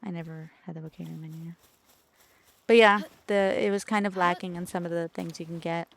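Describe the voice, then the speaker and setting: A woman's voice: fairly low pitch, steady tone, fairly quick, vocal fry, no room sound. A woman streaming as a VTuber, chatting casually and playfully with her viewers in a teasing, talkative way.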